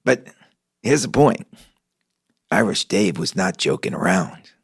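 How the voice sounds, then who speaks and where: A man's voice: low voice, animated, a little slow, vocal fry, slightly rough, no echo, clean studio sound. A middle-aged man hosting a podcast, telling stories and reading sponsor ads with enthusiasm. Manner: enthusiastic storyteller. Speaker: podcast host. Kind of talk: conversational host reading ads.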